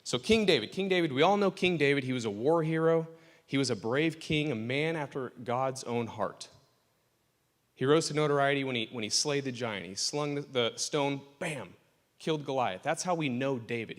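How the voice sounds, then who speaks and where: A man's voice: medium pitch, animated, moderate pace. A man preaching a casual, joking sermon in a church. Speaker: pastor. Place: church sanctuary. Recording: church hall reverb.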